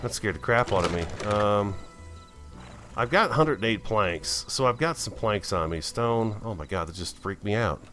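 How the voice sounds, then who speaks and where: Low-voiced man chatting through gameplay. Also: lively intonation, normal speed, fairly bright tone, faint music behind. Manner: chatty, easily startled, talks to himself. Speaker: gameplay video host. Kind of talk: casual gameplay commentary.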